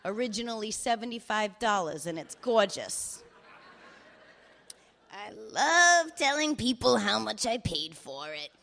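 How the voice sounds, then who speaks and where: A woman's voice: mid-range voice, sing-song, unhurried, creaky, a bit bright, heavily acted. A woman voicing her older father reading his voicemails, swearing freely and joking with wry affection. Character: older father, cheerful, profane, doting. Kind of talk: reading voicemails aloud in character.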